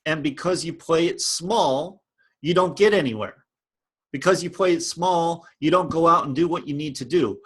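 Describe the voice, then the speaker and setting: Fired-up male vlogger, husky and a little high, preaching and repeating himself. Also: moderate pace, a bit bright. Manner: passionate, repetitive, preachy. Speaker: online business vlogger. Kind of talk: motivational rant to camera.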